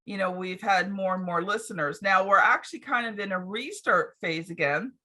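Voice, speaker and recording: A woman's voice: medium pitch, normal speed, bright, forceful tone. A woman hosting a podcast, chatting casually and reflectively with plenty of fillers. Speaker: podcast host. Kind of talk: casual chat.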